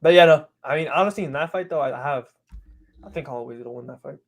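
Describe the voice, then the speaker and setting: Quick-paced and creaky, this man's voice sits on the high side. Guesting on a sports podcast for a casual chat, he talks animatedly, laughs, and repeats himself.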